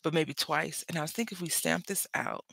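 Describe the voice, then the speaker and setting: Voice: mid-range voice, fairly quick, creaky, background noise. A parent of school-age children hosting a papercraft session, chatting casually and rambling while crafting. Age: adult with school-age kids. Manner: rambling, chatty, self-interrupting. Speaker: papercraft channel host.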